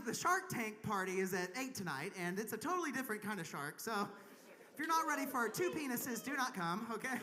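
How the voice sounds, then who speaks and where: A woman's voice: fairly high pitch, bright, forceful tone. A woman from Kentucky doing a crude, self-mocking stand-up comedy set on a convention main stage, laughing at her own jokes. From Kentucky, USA.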